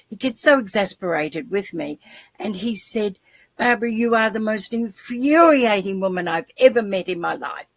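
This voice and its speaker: A woman in her seventies telling a personal story in a lively, animated way, acting out quoted voices. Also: breathy edge, dry recording. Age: 70s. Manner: animated storyteller, acts out voices with big pitch jumps. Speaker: guest, podcaster. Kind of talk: casual storytelling on a video call show.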